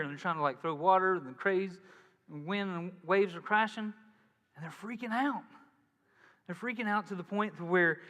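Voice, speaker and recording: A man preaching a sermon as pastor, in a casual, animated way, acting out quotes. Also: on the high side. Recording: long hall reverb.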